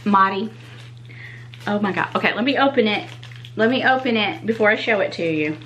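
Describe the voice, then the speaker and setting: A woman's voice: medium pitch, animated, a little fast, fairly bright tone, slight background noise, rough recording. A woman hosting a casual unboxing vlog, gushing and exclaiming in delight as she talks straight to her viewers. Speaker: YouTube channel host.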